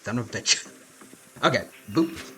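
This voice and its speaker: With game music behind him, a man casually narrates his own moves while streaming a turn-based game, stumbling through lots of fillers and restarts. His voice sits at medium pitch, with lively intonation and a measured pace.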